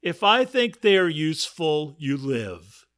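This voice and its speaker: Man playing a smug, loud storybook lion who mocks everyone, big voice, lively swings. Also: fairly high pitch, a little slow, pitched above the performer's own voice. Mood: mocking. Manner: loud, mocking, laughing. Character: big mocking lion, lazy and arrogant.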